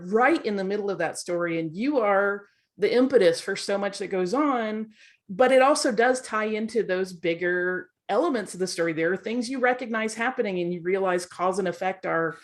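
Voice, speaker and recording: A woman hosts a virtual panel and asks her guests open, curious questions. Her voice is mid-pitched. It comes through a video call. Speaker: panel moderator. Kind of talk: casual panel chat.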